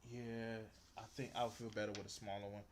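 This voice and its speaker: A man's voice: lowish voice, level tone, brisk, slight background noise. A young man streaming as he draws, reacting to a video with profane, exasperated ranting. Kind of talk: casual reaction commentary.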